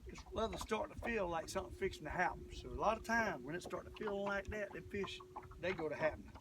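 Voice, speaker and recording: Excitable, high-voiced man fishing outdoors. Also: fast, far from the mic, noisy background. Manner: excitable, folksy, talks to the camera. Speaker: fishing vlogger. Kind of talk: casual running commentary while fishing. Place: outdoors on a boat on a lake.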